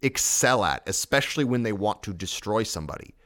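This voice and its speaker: Lecturing male podcast host, lively pitch. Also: a little fast. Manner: lecturing, declarative pronouncements. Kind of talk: casual opinionated chat.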